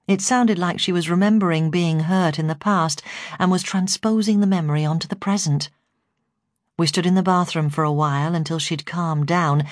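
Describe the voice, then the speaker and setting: A woman narrates her own memoir as an audiobook, telling her story at a steady, measured pace. Her voice sits low, and the recording is dry and close, with no room sound. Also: no echo. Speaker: foster carer and memoir narrator.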